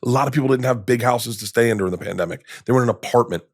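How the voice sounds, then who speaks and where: A man's voice: mid-range voice, rapid-fire, no room sound, clean studio sound. Rambling storytelling man in his fifties. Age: 50s. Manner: rambling, animated, acts out quoted dialogue, many restarts. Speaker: comedian guest. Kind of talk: candid storytelling in conversation. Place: podcast studio.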